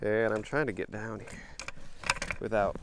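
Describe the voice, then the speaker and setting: A young man, chatting excitedly to viewers while wading a creek, sniffling from allergies. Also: on the low side, measured pace, heavy background noise. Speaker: bottle-hunting vlogger. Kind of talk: casual outdoor vlog narration. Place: outdoors in a creek.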